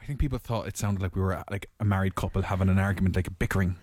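A man co-hosting a radio show, excitable and jokey, laughing often. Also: sits low, rapid-fire, no echo, studio quality. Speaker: radio co-host. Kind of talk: casual chat.

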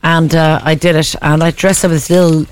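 A woman with an Irish accent co-hosting a morning radio show, telling a story in a chatty, animated way. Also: sits low, a little fast, slight background noise. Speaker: radio co-host. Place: radio studio.

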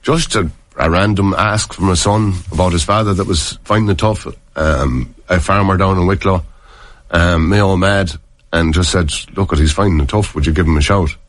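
This former player from Ireland speaks in a low voice at a moderate pace, with no echo. He's a rambling storyteller, chatting casually and often starting his sentences over.

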